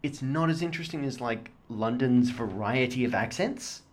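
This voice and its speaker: A man's voice: mid-range voice, moderate pace. An Australian man from Sydney chatting casually, thoughtful and hesitant with many fillers. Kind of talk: casual chat.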